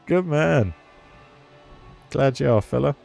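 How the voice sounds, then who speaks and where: A man's voice: on the high side, creaky, a little mellow. A man chatting casually on a live stream, laughing often and answering chat. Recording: faint music behind.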